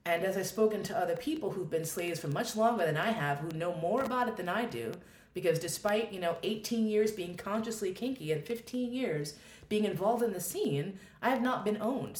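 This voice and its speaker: Brief: woman guest, lowish voice, animated candid storytelling, swears freely, roomy echo. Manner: expressive, swears freely, acts out quoted thoughts. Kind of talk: candid storytelling in a podcast conversation.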